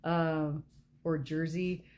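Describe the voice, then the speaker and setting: A woman's voice: deep voice, flat delivery, extremely slow, darkish tone. Giggly, rambling woman tarot reader. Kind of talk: casual chat during a tarot reading.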